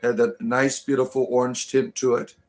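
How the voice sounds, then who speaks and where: A man's voice: medium pitch, completely flat delivery, normal speed. Chatty, irreverent male livestream host. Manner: rambling and chatty, keeps tagging on "right?"; irreverent, swears casually. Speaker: livestream host, self-styled bard. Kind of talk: casual livestream chat greeting viewers.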